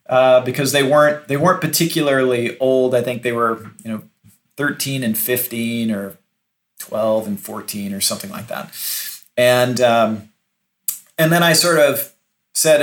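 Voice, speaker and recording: A man's voice: medium pitch, moderate pace. A middle-aged man, a recruiter, answering interview questions in a conversational way, often restarting and repeating words for emphasis. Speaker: recruiter, podcast guest.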